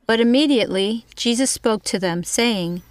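A woman co-hosting a Bible teaching show, reading scripture aloud with a steady, careful delivery. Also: fairly high pitch, normal speed, no room sound, clean studio sound. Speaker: co-host and scripture reader.

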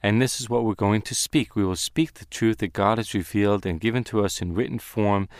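A man teaching a Bible lesson on Hebrew words, speaking deliberately and slowing down to stress key words. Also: on the low side, dry recording, clean studio sound.

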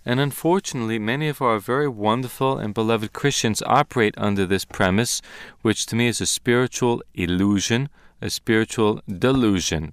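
A man's voice: on the low side, moderate pace, clean tone, no room sound, clean studio sound. A man teaching a sermon on scripture, emphatic and dramatic when acting out quoted voices. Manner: emphatic, dramatic quoting of disciples. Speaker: Bible teacher.

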